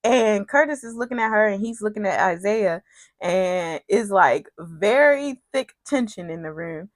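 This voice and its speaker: A woman's voice: mid-range voice, dry recording. Chatty, opinionated woman with a dry sound. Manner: chatty and opinionated, acts out quotes in a shifting voice; animated, voice jumps up when exasperated. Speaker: recap vlogger. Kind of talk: casual soap opera recap.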